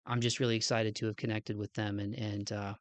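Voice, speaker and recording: A man's voice: lowish voice, level tone, fairly quick, no echo. A man hosting a podcast, a casual outro, with a nasal, stuffed-up voice, a little out of breath, talking in an earnest, rambling way and often adding "man.". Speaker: podcast host.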